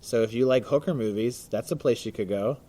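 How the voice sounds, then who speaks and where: A man of ordinary pitch talks in a loose, chatty way on a casual podcast. He jokes, laughs easily and leans on "uh" as he wanders through his points. The delivery is that of an unscripted co-host. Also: brisk, mellow. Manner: chatty and jokey, laughs often, frequent "uh" fillers. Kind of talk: casual chat. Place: Baltimore.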